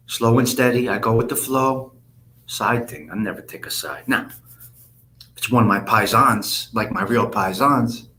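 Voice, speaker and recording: A man's voice: mid-range voice, sharp tone. Blunt, profane man chatting on a live stream. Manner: blunt, profane, rambling street talk. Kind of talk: casual live-stream chat reading comments.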